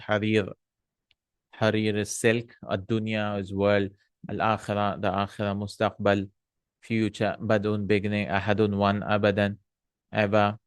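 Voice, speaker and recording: A man's voice: on the low side, smooth, dry recording, studio quality. A man teaching an Arabic grammar lesson, reading Arabic lines aloud and then translating them step by step, with frequent hums and uhs.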